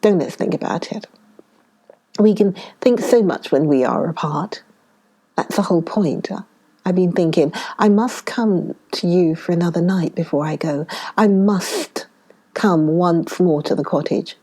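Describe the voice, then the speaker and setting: A woman's voice: on the low side, a little slow, dark tone, husky. A woman reading the lines of a titled English lady, who speaks earnestly and pleadingly. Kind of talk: audiobook dialogue reading.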